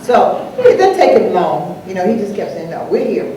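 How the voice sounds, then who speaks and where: An older woman speaking on an anniversary panel, an animated storyteller who acts out the dialogue in her anecdotes. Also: mid-range voice, normal speed. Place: large echoey hall, live event. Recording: echoey hall, distant mic, faint noise.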